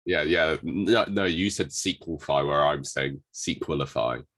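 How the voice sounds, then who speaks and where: A man's voice: very deep voice, measured pace, fairly bright tone, dry recording. A young man from England, co-hosting a podcast in joking, self-deprecating chat while ill with covid. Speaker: podcast co-host. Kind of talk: casual chat.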